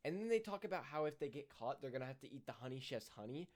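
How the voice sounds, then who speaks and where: A man's voice: mid-range voice, very animated, quick pace, a little mellow. A man giving casual, dry, sarcastic commentary on a movie, with some hesitation. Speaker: movie reviewer.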